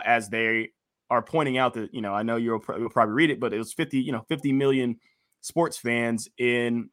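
A man chats on a sports podcast in a bright, forceful voice. He jokes freely and talks with animated energy. The sound is close and dry. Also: mid-range voice, dry recording. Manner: animated, jokey, mimics voices for laughs. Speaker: podcast co-host. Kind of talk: casual sports-tech chat.

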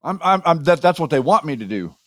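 A man's voice: a little high, sing-song, fast talker, no room sound. Ranting male co-host, dry sound. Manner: heated, run-on ranting. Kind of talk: casual political talk show rant.

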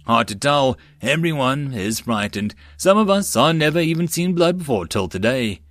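A man's voice: mid-range voice, sing-song, moderate pace, a bit bright, dry recording, pitched above the performer's own voice. A man voicing a wary, modest male lance corporal who speaks plainly. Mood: weary.

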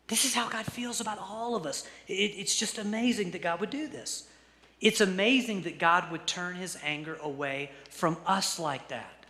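A man preaching with a high, bright, forceful voice. He reads scripture slowly and softly, then turns quick and earnest in his own asides. A long church reverb trails every phrase. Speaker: pastor. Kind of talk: sermon.

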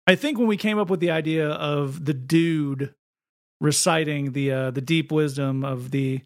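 A man's voice: on the high side, moderate pace. A man co-hosting a podcast in casual chat, wry and talkative, often restarting his sentences. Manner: chatty, wry, repeats words as he starts sentences. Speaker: podcast co-host.

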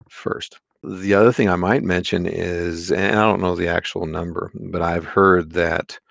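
A man co-hosting a conversational Bible study discussion, citing scripture in a measured way with frequent fillers. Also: sits low, vocal fry, no room sound.

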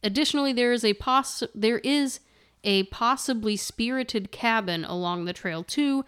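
A woman's voice: fairly high pitch, moderate pace, fairly bright tone, clean tone. A woman with an American accent, co-hosting a podcast and reading ghost lore aloud, laughing and stumbling often. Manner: giggly, reads aloud with frequent laughs and stumbles. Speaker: podcast co-host.

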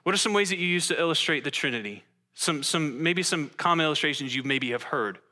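A man preaching with a very bright, forceful tone, drawing his congregation in with questions. His pitch sits a touch high for a man, and his delivery stays lively and interactive. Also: fast talker. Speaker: pastor. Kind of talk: interactive sermon teaching.

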